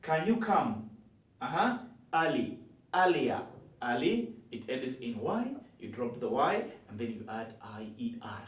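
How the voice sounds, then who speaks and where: Slow, echoey male English teacher. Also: mid-range voice, big pitch swings, far from the mic. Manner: slow, spelling words out and repeating forms. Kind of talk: classroom grammar lesson. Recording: echoey room, from the mic.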